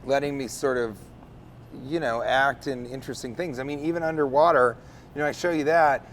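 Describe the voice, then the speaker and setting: A man's voice: mid-range voice, fairly even intonation, a little fast, a little hiss or hum. A man in his thirties, an actor chatting loosely in an interview, rambling and joking as he acts out bits. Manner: rambling, jokey, acts out other people's lines. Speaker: interview guest, comedic actor. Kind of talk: casual interview chat.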